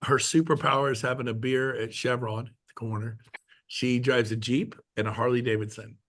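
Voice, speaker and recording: A man's voice: medium pitch, little pitch movement, a little fast, a bit bright. Middle-aged man, chatty, jokey storyteller, casual team call. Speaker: guest speaker at a real estate team meeting. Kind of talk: casual talk on a video call.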